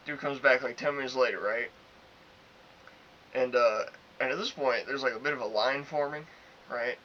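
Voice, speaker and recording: A man's voice: mid-range voice, steady tone, moderate pace, long pauses, sharp tone. Ranting young man, slightly dull recording. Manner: crude, ranting, acts out both sides of arguments. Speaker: podcast co-host. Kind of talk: casual storytelling chat. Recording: slightly dull, faint hiss.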